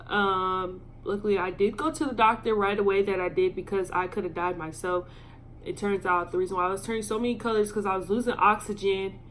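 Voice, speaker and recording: Woman telling a halting story. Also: mid-range voice, fairly even intonation, a bit bright, a little hiss or hum. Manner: halting and filler-heavy, emotional. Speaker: vlogger. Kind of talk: storytime vlog.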